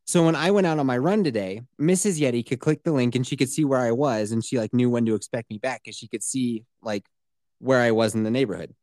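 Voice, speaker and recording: A man in his thirties co-hosting a casual podcast, animated and swearing, putting on voices when he quotes things. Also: mid-range voice, quick pace, no room sound, studio quality. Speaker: podcast co-host. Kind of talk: casual chat.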